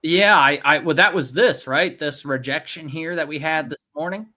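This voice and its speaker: A man hosting a casual stock market livestream, chatting in a relaxed, hesitant way with frequent fillers as he thinks aloud. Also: fairly high pitch, normal speed. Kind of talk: casual trading chat.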